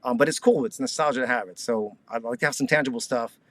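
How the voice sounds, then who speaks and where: Fast-talking laid-back man in his fifties. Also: mid-range voice, fairly bright tone, dry recording. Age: 50s. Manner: rambling, laid-back, lots of fillers. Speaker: guest musician. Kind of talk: casual interview chat.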